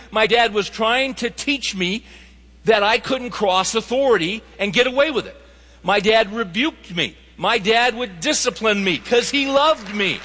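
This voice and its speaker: High bright-voiced preacher in a hall. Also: male voice. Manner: emphatic, rhetorical questions to the audience. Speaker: pastor. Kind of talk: sermon. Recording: reverberant hall sound.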